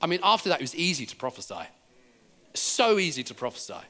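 English preacher man, animated storytelling. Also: fairly high pitch, fast talker. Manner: animated storytelling, acting out quoted speech. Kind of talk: sermon. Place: church service.

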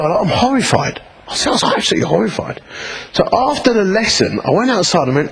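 A middle-aged man with an Essex accent giving a humorous personal testimony to an audience, telling it as lively comic storytelling and acting out both sides of the dialogue. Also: sits high, a little fast, creaky, rough recording. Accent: Essex English. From England. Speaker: speaker giving his testimony.

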